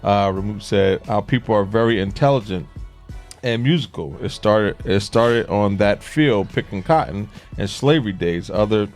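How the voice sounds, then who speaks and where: Brief: male radio co-host, lowish voice, relaxed, reads listener comments. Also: normal speed, faint music behind. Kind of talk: casual radio talk, reading comments.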